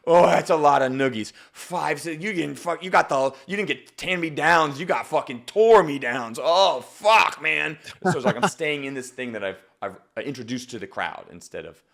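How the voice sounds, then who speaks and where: A man's voice: on the high side, moderate pace, creaky, few pauses. A man coaching a stand-up comedian on a live stream, swearing, repeating himself and acting out examples. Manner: animated, swears, repeats words, acts out examples.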